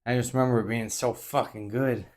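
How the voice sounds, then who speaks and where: A man's voice: mid-range voice, steady tone, brisk. A man co-hosting a casual podcast, easygoing and laughing a lot. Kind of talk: casual crude chat.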